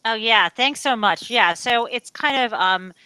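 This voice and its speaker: A woman from the US Midwest, a guest author, explaining her points in an articulate, lively way. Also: a little high, measured pace, clear, resonant tone, no room sound, poor audio. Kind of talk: interview answers.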